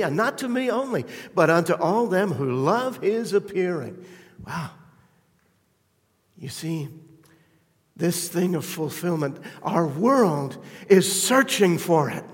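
Male preacher, slow measured delivery, fervent swells and hushed asides, live church hall with long reverb. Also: sits high. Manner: fervent, rising to emphatic peaks then dropping quiet. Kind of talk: sermon.

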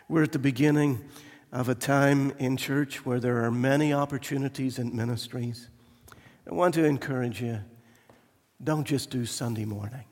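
Slow, earnest preacher in an echoey church. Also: male voice, medium pitch. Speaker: pastor. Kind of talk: sermon.

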